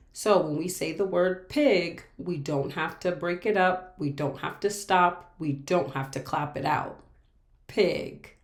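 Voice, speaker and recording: A woman teaching a reading lesson to children, speaking slowly and patiently and repeating each word with care. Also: lowish voice, a little mellow, roomy sound. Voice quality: patient, repeats words carefully. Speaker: special education teacher. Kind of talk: slow, clear classroom instruction for children.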